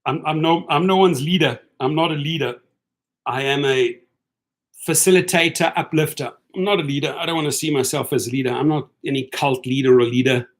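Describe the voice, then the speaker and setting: A man's voice: fairly high pitch, a little fast. A man hosting a casual livestream for rideshare drivers, reading out viewer comments and chatting to them in a loose, tired way. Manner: chatty, loose, repeats himself, talks straight to viewers.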